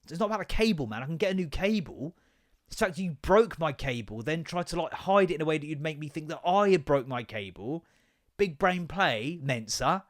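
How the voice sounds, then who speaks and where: Man, podcast host, sweary exasperated rant, slightly high voice. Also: expressive, fairly quick. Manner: exasperated, sweary storytelling with acted-out quotes. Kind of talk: casual ranting monologue.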